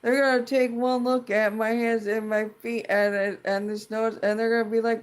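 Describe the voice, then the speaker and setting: A woman's voice: fairly high pitch, level tone, normal speed, few pauses. A woman ranting in a casual vlog, profane, rambling and indignant as she vents like a fed-up tenant. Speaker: tenant venting about a dispute.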